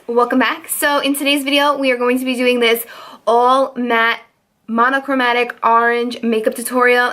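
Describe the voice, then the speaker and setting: A woman's voice: high-pitched, pushed and bright. A young woman hosting a casual makeup tutorial, chatting in a rambling way with lots of fillers. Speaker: beauty vlogger.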